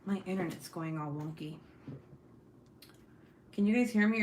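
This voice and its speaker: A woman's voice: low-pitched, fairly even intonation, unhurried, pauses often, echoey room, slight background noise. A woman in her forties hosting a casual livestream, chatting with viewers and reading their comments, swearing freely. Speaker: livestream host.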